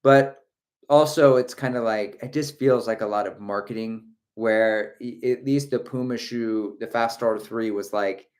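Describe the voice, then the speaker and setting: A man's voice: mid-range voice, steady tone, measured pace, darkish tone. A middle-aged man hosting a running livestream, reading viewer comments aloud in a chatty, joking way and laughing often. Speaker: running channel host.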